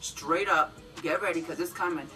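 A woman's voice: deep voice, moderate pace, sharp tone, far from the mic, faint music behind, rough recording. A woman in her twenties telling a dramatic, profane story in a casual vlog. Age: 20s.

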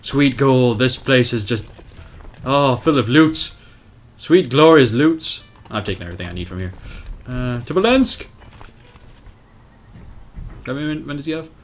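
A young man casually commentating his strategy game, animated, self-mocking and swearing at the game as he plays. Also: mid-range voice, moderate pace, pauses often, soft background music. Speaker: let's play host.

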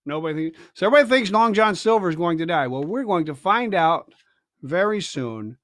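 A man reading a novel aloud at home on a livestream, expressive, with chatty asides. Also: high-pitched, a little fast, no echo, clean studio sound. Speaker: reader. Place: family home, indoors.

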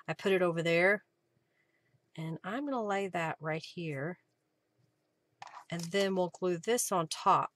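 A woman talking her way through a crafting live stream at home, thinking aloud between steps. Her voice is bright and forward, with an easy, chatty flow. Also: mid-range voice, slight background noise.

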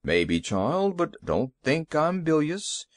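A boastful old cake gentleman in a storybook, voiced by a man, cheerful and proud, his pitch bouncing around. Dry and close. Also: big pitch swings, takes it slowly, dry recording.

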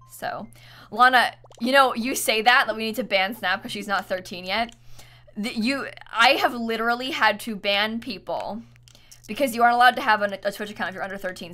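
In a mid-range voice that's bright and forceful, a young woman streams a game with music in the background. She chats casually and giggles with her viewers, and she talks to her cat in a sing-song voice.

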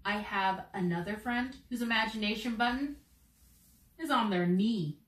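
A young woman, a children's theater teaching artist, leading kids through warm-up games in a slow, encouraging, playful way. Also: medium pitch, roomy sound, far from the mic.

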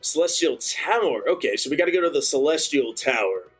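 A young man hosting a gaming channel, giving chatty, excitable let's-play commentary. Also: fairly high pitch, a little fast, breathy edge, soft background music. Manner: excitable, chatty, bursts into cheers.

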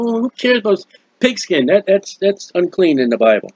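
A middle-aged man preaching an impassioned, rambling home sermon, exclamatory and animated. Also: high voice, moderate pace, breathy edge, dry recording. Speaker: preacher of a hymn channel. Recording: dull lo-fi dry sound.

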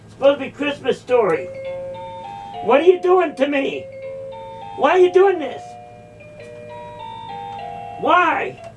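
A woman's voice: sits high, sing-song, slow pace, long pauses, far from the mic, muffled recording, music in the background. A woman delivering a confrontational, mocking monologue, sarcastically repeating phrases back. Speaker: video creator confronting a church.

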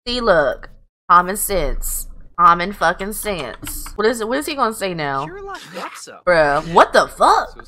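A woman's voice: fairly low pitch, sing-song, a little slow, bright, forceful tone. A woman hosting casual gameplay commentary, joking and swearing, squealing when surprised. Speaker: gaming channel host.

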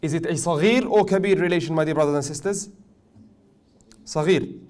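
A man teaching a tajweed class, questioning his students often and joking gently. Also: on the high side, fast. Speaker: Quran recitation teacher.

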